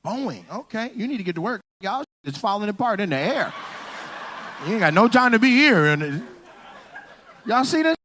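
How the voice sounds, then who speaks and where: Stand-up comic, male, crowd work, high lively voice, teasing and loud. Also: moderate pace, pauses often, slight background noise. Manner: loud, teasing, shouts punchlines. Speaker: stand-up comedian. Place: comedy club stage.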